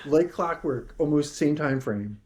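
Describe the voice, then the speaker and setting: A man's voice: on the high side, lively intonation, unhurried, darkish tone, breathy edge. A male screenwriter as an interview guest, telling a personal story in an earnest, emotional, casual way.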